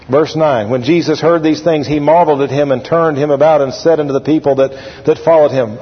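A man preaching a sermon as pastor, animated and drawling, repeating phrases for emphasis. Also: on the high side, quick pace. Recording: lo-fi recording with long hall reverb.

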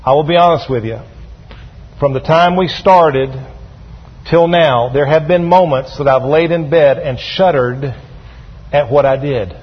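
A male pastor preaches in a church sanctuary, using call-and-response with the congregation. His voice is on the high side, slightly rough, and a little slow, recorded with dull sound and a long hall reverb.

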